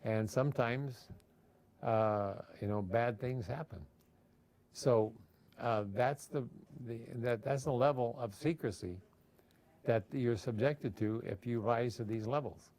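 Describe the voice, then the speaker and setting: A man's voice: mid-range voice, takes it slowly, darkish tone. Rambling man telling stories. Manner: rambling, frequent fillers and restarts. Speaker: interviewee. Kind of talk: casual storytelling.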